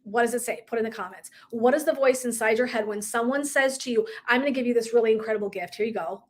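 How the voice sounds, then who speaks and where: A woman coach talks casually to her viewers and tells a personal story with plenty of laughter. She keeps an animated, expressive delivery. Her voice sits a little high for a woman. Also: fast talker. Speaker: wellness coach. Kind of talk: casual live-stream talk.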